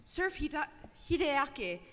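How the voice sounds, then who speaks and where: A woman volunteering at a voice acting workshop, reading a script in a slow, measured way. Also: high voice, very animated, fairly bright tone. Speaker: audience volunteer. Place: convention panel room. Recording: echoey convention hall.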